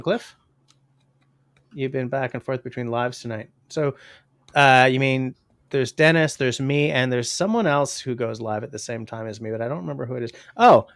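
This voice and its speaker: A man's voice: mid-range voice, vocal fry, dry recording. Rambling fifty-year-old man, dry sound. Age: 50s. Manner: rambling, reads viewer comments aloud. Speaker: livestream host. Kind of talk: casual livestream chat.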